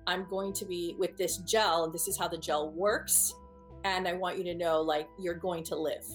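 A woman telling an audience a personal story firsthand, in an earnest, vivid way, often pausing to restart and repeat her words. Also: fairly low pitch, steady tone, faint music behind. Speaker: speaker recounting a personal experience.

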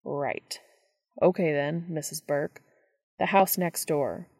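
A woman voicing a gruff, stubborn male monster hunter in a storybook reading. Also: low-pitched, slow pace, a little mellow, full character voice. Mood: tense.

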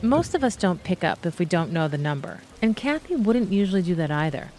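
Woman host, lowish voice, calm measured narration. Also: over music. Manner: calm, measured, guiding questions. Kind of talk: scripted narration and interview.

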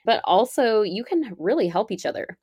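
A woman's voice: mid-range voice, very animated, normal speed, a little mellow, husky, no echo, clean studio sound. A woman on a podcast, explaining emergency preparedness step by step in an upbeat, chatty way. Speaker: podcast guest, preparedness expert. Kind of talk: casual podcast conversation.

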